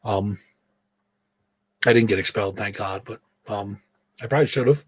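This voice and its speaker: Profane, animated man telling a story. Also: fairly low pitch, moderate pace, husky. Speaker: podcast host. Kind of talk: casual storytelling chat. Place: home studio. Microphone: own mic, mutes it to vape.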